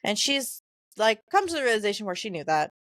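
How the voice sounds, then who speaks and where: A woman on a podcast, reading quoted lines from a novel in a plain, conversational voice and stumbling now and then over hard names. Her voice sits at a middle pitch. The sound is dry and close. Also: big pitch swings, brisk, a bit bright, no room sound. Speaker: podcast co-host. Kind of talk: casual book discussion, reading passages aloud.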